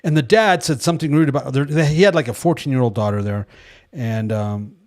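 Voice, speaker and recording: A man's voice: mid-range voice, brisk, darkish tone. A man from California leading a devotional Bible study in a casual teaching style, telling stories animatedly, acting out quoted voices and adding wry, joking asides.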